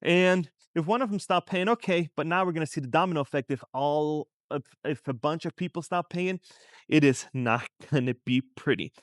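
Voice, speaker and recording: A man's voice: a little high, normal speed, no echo. Man talking money, dry close sound. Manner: conversational, full of rhetorical questions. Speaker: finance vlogger. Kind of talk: casual commentary to camera. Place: outside a store in a shopping district.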